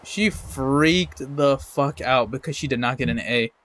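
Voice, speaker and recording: While streaming a game, a young adult man spins a meandering, foul-mouthed story in a relaxed, easygoing manner. His medium-pitched voice is unhurried and a bit bright.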